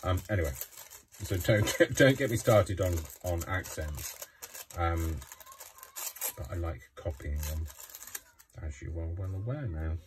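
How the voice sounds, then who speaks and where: A man's voice: low-pitched, animated, unhurried, pauses often, noisy background. A man chatting casually while crafting at home, rambling, joking and apologising in a self-mocking way. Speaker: craft vlogger.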